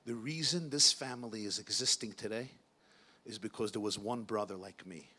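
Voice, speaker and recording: A man voicing an old grandfather, a wealthy survivor, who tells his family's story slowly and solemnly in a hushed voice. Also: lowish voice, voice pushed down. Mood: grave. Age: older. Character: old Holocaust-survivor grandfather, rich businessman, grave and wise.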